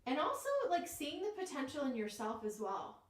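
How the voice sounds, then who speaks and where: Woman, Northeast Ohio accent, tarot reader, fairly high voice, echoey room. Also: big pitch swings, far from the mic. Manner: slow and easygoing, many fillers. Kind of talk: live-stream tarot reading. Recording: echoey room, voice away from mic.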